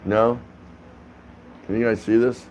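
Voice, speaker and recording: A man's voice: medium pitch, steady tone, slow, a little mellow, slight background noise. A man hosting a casual vlog from his apartment, rambling and chatty with lots of restarts and fillers. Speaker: vlogger host. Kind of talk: casual talking-head vlog. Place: apartment indoors.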